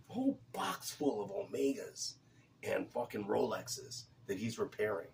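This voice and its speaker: A man's voice: on the low side, big pitch swings, normal speed, gravelly, distant mic, slight background noise. A man chatting casually in a vlog, rambling, repeating words and swearing now and then. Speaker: cigar vlogger. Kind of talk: casual chat.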